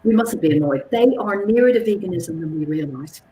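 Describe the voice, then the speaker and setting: A woman and psychologist giving an animated workshop talk, checking in with her listeners and acting out conversations. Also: fairly low pitch, brisk, far from the mic. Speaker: psychologist and communications trainer. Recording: roomy echo with faint background noise.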